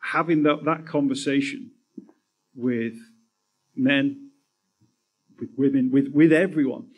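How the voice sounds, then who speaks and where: A man's voice: mid-range voice, takes it slowly, slightly rough, muffled recording. A man hosting a live on-stage interview, earnest and repeating words as he builds his thoughts. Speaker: podcast host, interviewer.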